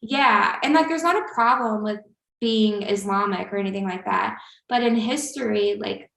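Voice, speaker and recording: With a medium-pitched, gravelly voice that has a slight brightness, a young female podcast co-host tells a meandering, filler-heavy story in casual conversation. She keeps a moderate pace, and echo fills the room.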